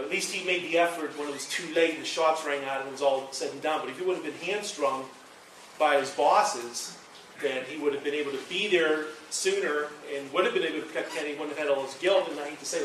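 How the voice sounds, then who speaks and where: A man delivers a university presentation, rambling through an animated story and acting out quoted lines. He talks fast in a slightly high voice. The recording picks him up from a distance in a roomy, echoing hall with faint noise underneath. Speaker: lecturer. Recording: echoey room from far off.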